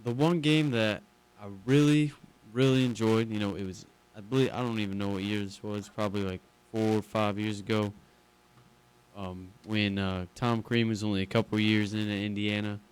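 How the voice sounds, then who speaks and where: A young man with a fairly low, smooth voice talks sports on a radio show. He is laid-back and hesitant, padding his telling with "you know" and "um". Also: fairly even intonation, moderate pace. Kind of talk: casual sports chat.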